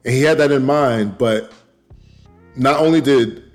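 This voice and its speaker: A man's voice: medium pitch, unhurried, a little mellow. A man hosting a Bible study, reading passages aloud and then retelling them in loose, casual words with plenty of fillers. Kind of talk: casual scripture reading and commentary. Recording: faint music underneath.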